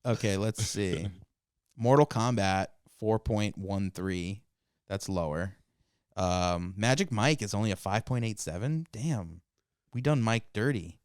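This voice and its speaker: A man's voice: lowish voice, measured pace, clear, resonant tone, no room sound, clean studio sound. A man hosting a casual podcast chat, laughing often and talking loosely with lots of fillers. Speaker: podcast host.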